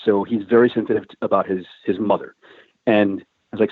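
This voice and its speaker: Casual male podcast guest with animated, profane storytelling; dry, phone-thin audio. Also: on the low side, quick pace, dry recording. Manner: animated, swearing, acts out shouted quotes. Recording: dry, tinny phone-like sound.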